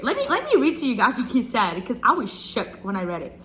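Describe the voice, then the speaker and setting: A young woman sharing a Bible reflection in a casual, animated devotional talk, speaking straight to her viewers. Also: on the high side, brisk, slight background noise, low-quality recording. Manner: chatty, animated, addresses viewers as "guys".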